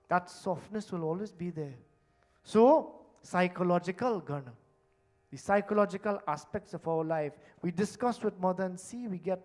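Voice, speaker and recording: High-voiced preacher. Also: male voice. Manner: emphatic, swinging between loud stresses and hushed low endings. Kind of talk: sermon. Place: temple hall.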